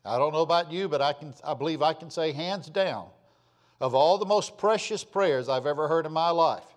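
A man preaching a sermon in an earnest, pleading way, his voice dropping softly at the ends of phrases. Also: a little high, normal speed, long reverb tail.

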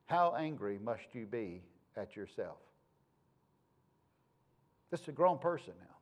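A man's voice: medium pitch, a little mellow. A male pastor, preaching in a folksy, conversational way with homespun sayings. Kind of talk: sermon.

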